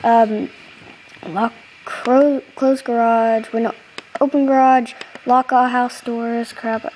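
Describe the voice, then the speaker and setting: A woman's voice: a little high, little pitch movement, slow, darkish tone, slight background noise, rough recording. A young woman casually commenting on her gameplay, chatty and giggly, easily startled, into a close computer mic. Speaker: gaming channel host.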